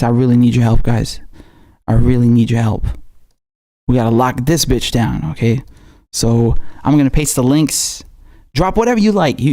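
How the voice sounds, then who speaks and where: Mellow-voiced man hosting a casual livestream. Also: mid-range voice. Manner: loose and chatty, with slangy asides and self-repetition. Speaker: political commentary livestream host.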